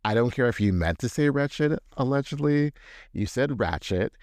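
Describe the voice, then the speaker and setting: A man's voice: medium pitch, moderate pace, no echo, clean studio sound. A young man co-hosting a podcast, chatting casually about reality TV and acting out what people said. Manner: animated, acts out quoted voices. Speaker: podcast co-host. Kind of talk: casual chat recapping reality TV.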